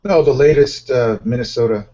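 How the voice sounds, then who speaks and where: A man's voice: mid-range voice, moderate pace, warm tone. Rambling male co-host. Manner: rambling, many uh fillers. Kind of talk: casual talk show debate. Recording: lo-fi stream audio.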